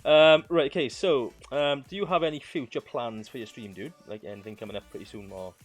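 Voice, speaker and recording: A man's voice: mid-range voice, fairly quick, soft background music. A young man hosting a casual podcast, joking around and leaning on "right, okay" fillers. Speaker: podcast host.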